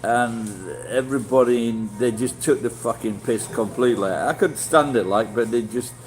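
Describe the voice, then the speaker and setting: A man's voice: medium pitch, normal speed, rough recording. A middle-aged man with a Yorkshire accent, chatting casually with live viewers in a rambling, blunt way and swearing freely. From Yorkshire, England. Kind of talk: casual livestream chat.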